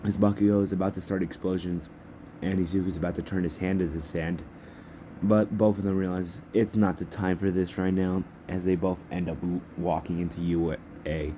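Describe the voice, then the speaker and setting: Low-voiced man rambling a fan story. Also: fairly even intonation, moderate pace, dark tone, a little hiss or hum. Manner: rambling, self-correcting. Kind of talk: improvised fan story narration.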